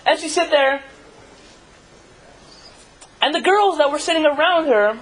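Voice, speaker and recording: A man's voice: very high-pitched, animated, unhurried, a bit bright, low-quality recording. A man, a rabbi, giving a live talk and telling stories in a conversational way, asking his audience questions.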